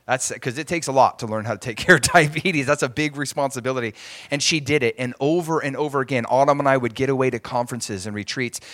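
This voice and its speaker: A man's voice: medium pitch, fairly bright tone, dry recording. A middle-aged man preaching as a pastor, earnest and emphatic, often restarting his sentences. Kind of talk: sermon.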